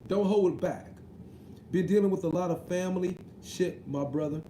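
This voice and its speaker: High-voiced slangy man streaming live. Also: moderate pace, warm tone, echoey room, slight background noise, poor audio. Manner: joking, slangy, repeats "you know what I mean". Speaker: livestream host reading chat. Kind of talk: casual live-stream chat.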